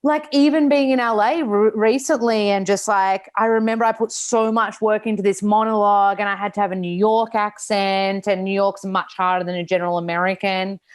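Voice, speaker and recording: A woman's voice: medium pitch, steady tone, a little fast, hardly any pauses. An Australian woman in her thirties, an author talking openly about her own setbacks in a casual interview, with lots of likes and restarts. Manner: open, reflective, frequent likes and restarts. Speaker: author and nutritionist guest. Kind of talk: candid casual interview talk.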